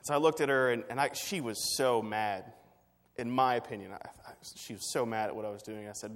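Man, preacher, conversational storytelling, mid-pitched voice, long hall reverb. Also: a little fast, fairly bright tone. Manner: conversational storytelling with many fillers and restarts. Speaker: pastor. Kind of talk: sermon with personal story.

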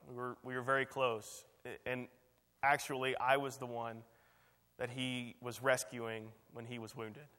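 An earnest, polite young male soldier, as a preacher puts him on. He speaks haltingly, with restarts, in a flat-toned man's voice. A long reverb hangs on every line. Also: mid-range voice.

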